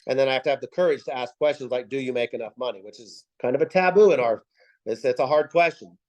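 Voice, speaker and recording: A man with a mid-range voice speaks fast on a team video call, the audio's highs cut off. Giving a sales pep talk as team leader, he uses punchy, emphatic rhetorical questions and repeats himself for effect.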